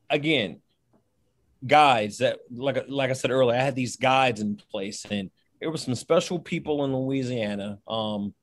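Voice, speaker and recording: A man, a former football player, talking in an animated and emphatic way during an interview. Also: mid-range voice, dry recording. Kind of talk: interview conversation. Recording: dry close sound.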